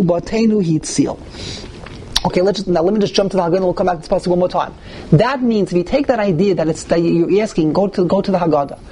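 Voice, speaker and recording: Animated man teaching a text class. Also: slight background noise, poor audio. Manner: animated, pitch leaps when stressing points; mixes Hebrew and Yiddish terms into English. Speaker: Torah teacher. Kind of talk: text-study class lecture.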